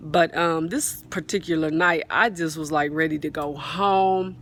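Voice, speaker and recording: A woman's voice: sits low, steady tone, a little slow, fairly bright tone, a little hiss or hum. Fervent woman telling a testimony. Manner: fervent, repetitive, often calls out to viewers. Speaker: faith vlogger sharing a testimony. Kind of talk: casual spoken testimony. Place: outdoors on a swing. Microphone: phone mic, sometimes partly covered.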